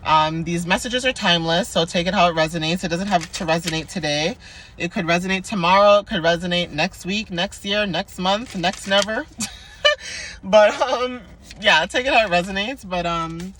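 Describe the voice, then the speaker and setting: A woman's voice: lowish voice, moderate pace, a bit bright, a little hiss or hum. A young woman giving a casual spiritual card reading in a chatty, playful, sassy way, laughing often. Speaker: oracle card reader.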